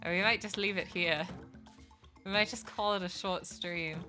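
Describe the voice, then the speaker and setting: A woman's voice: fairly low pitch, fairly even intonation, normal speed, sharp tone, soft background music. A young woman streaming a game live, rambling in casual, self-mocking chat with her viewers as she plays.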